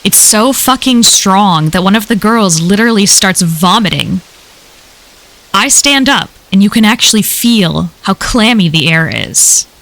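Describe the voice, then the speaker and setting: A woman's voice: mid-range voice, expressive, measured pace, a bit bright. A woman reading a first-person horror story aloud on a live stream, in a casual, conversational telling full of swearing.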